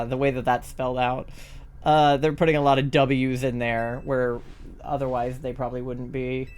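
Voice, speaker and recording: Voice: medium pitch, clear, resonant tone. Chatty streamer with mild Southern accent. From Southern United States. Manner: chatty, loose and swearing, often laughing. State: sore throat. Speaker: live streamer. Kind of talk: casual live-stream chat while gaming.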